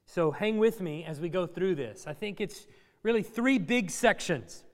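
A man's voice: high-pitched, animated, a little slow. A man preaching a sermon to a congregation, conversational with dry sarcastic humor. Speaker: pastor. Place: church sanctuary. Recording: long reverb of a church hall.

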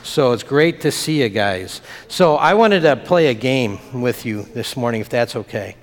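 A man's voice: mid-range voice, expressive, moderate pace. Pastor guy chatting with kids at church, friendly and playful, big hall echo. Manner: friendly, playful, speaking simply to children. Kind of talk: children's message in church. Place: church sanctuary. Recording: long reverb of a church hall.

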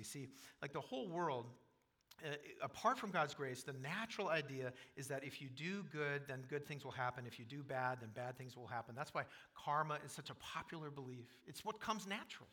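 A pastor preaching a sermon, explaining scripture in an earnest way and asking the congregation questions. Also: male voice, medium pitch, animated, moderate pace, sharp tone.

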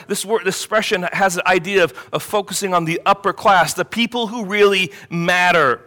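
Bright, high-voiced preaching man. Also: normal speed, hardly any pauses. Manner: expository preaching, emphatic when quoting scripture. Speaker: pastor. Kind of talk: sermon.

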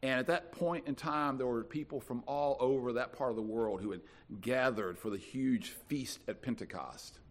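A pastor from North Carolina, preaching a sermon with dramatic swings from soft to loud. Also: male voice, medium pitch, normal speed, hardly any pauses.

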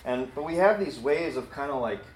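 Brief: easygoing male preacher, mid pitch, in a roomy church hall. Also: expressive, moderate pace, slight background noise. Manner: casual, storytelling, self-deprecating. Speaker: pastor. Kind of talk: sermon. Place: church building.

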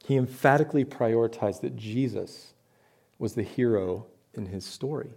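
Man preaching with a mellow voice. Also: medium pitch, moderate pace, vocal fry, slightly rough. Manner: conversational, rhetorical questions, emphatic. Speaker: pastor. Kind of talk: sermon. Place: church.

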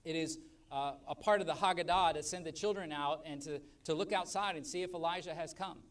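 High-voiced preaching pastor, distant mic. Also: male voice, fairly quick. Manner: emphatic preaching, swells loud then drops soft. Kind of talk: sermon. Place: church service.

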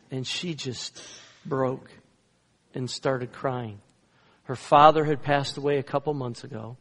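A man, a guest pastor, telling a story in a sermon, swinging between loud emphatic lines and hushed soft ones. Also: mid-range voice, fairly even intonation, slow pace. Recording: long reverb in a large hall.

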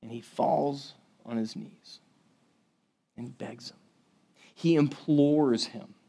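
A man's voice: mid-range voice, slow, vocal fry, mellow, husky. A man preaching a sermon in a conversational, emphatic way, with frequent restarts and asides to the congregation. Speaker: pastor.

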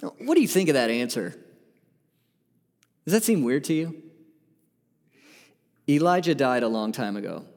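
A man's voice: medium pitch, big pitch swings, normal speed, long pauses, darkish tone. Earnest male pastor preaching in a hall. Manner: earnest, emphatic preaching with rhetorical questions. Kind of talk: sermon.

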